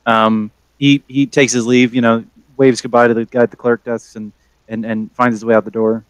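A young man narrating as game master in a casual way, halting with many fillers. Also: medium pitch, flat delivery, clean tone, dry recording.

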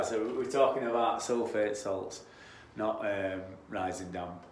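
A man with a Yorkshire accent talks through a repair job in a lowish voice, chatty and rambling, often restarting his sentences. He sounds like a tradesman explaining his work on site. The room around him is echoey, with faint ambient noise behind. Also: measured pace, few pauses. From Yorkshire, England. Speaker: damp-proofing tradesman.

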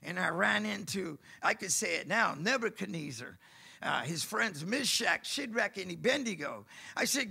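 A man preaching and giving his testimony, telling his story animatedly and acting out the dialogue with bursts of shouting. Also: high voice, animated, normal speed, creaky, husky. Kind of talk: sermon testimony.

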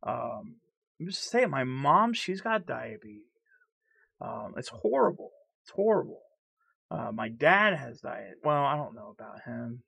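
A man's voice: mid-range voice, big pitch swings, a little slow, creaky, a bit bright, breathy edge. A man in a candid personal vlog, talking earnestly and heatedly, stuttering and repeating himself. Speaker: vlogger.

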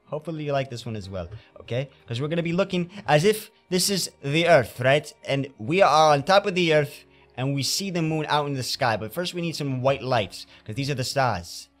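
A man's voice: on the high side, animated, a little fast. A man giving theatrical let's play commentary, talking to himself as he paints in a game, with faint game music behind him. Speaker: gamer playing a painting game.

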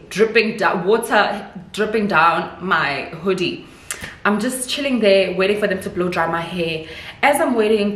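Young South African woman, lively storyteller, roomy echo on the voice. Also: medium pitch. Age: young adult. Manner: animated storytelling, mixes in isiZulu phrases. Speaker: vlogger. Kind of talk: casual storytime vlog. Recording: echoey room with faint noise.

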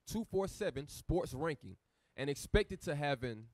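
A man reading news articles aloud in a plain, steady way. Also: fairly high pitch, moderate pace, no echo, clean studio sound. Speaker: reader of texts for the teacher.

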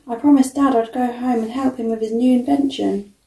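A woman's voice: fairly high pitch, steady tone, brisk, gravelly, dark tone, echoey room, distant mic, poor audio. A woman voicing a cheerful young squirrel boy in a storybook reading. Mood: chirpy.

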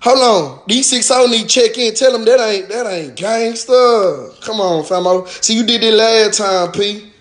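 Dude ranting on a live stream, high-ish voice, cussing and clowning people, keeps saying sir sarcastic. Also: male voice, a little slow, hardly any pauses. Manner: animated, profane and mocking, with a sarcastic repeated "sir". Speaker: rapper addressing his followers.

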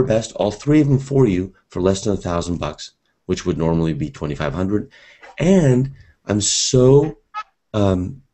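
A man with a very low voice leads a live seminar in front of a room of students. He talks with energy and speaks directly to his listeners, in a loose, conversational way. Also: mellow. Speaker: seminar teacher.

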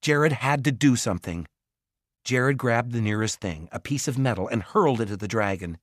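A man reading a children's fantasy audiobook in a measured, expressive narration. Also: mid-range voice, dry recording, clean studio sound. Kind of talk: scripted narration.

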